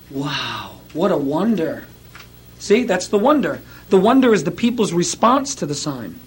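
Husky, animated male preacher. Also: high-pitched. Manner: animated storytelling, acting out quotes with laughs. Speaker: pastor. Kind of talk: sermon.

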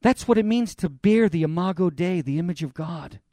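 A man's voice: high-pitched, expressive, moderate pace, mellow, no echo, studio quality. A male pastor preaching a sermon in an earnest, conversational way, speaking directly to his congregation.

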